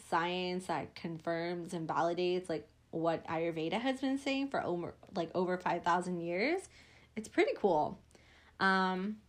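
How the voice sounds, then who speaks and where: A young woman hosting a podcast as a life coach, talking casually with lots of "like" fillers and acting out inner voices. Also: lowish voice. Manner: chatty, frequent "like" fillers, acts out inner voices.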